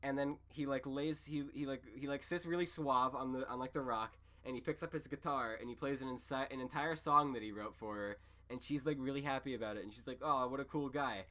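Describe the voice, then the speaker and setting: A man's voice: mid-range voice, a little fast, few pauses, a bit bright. A young man on a podcast, rambling and swearing as he recaps a cartoon plot with lots of fillers. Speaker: podcast co-host. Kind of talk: casual chat, recapping a show.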